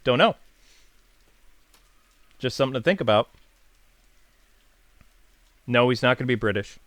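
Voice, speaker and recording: A man's voice: medium pitch, animated, unhurried, a bit bright, dry recording. A man hosting a casual video channel, chatting enthusiastically and answering viewer questions with frequent fillers and self-corrections. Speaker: YouTube host.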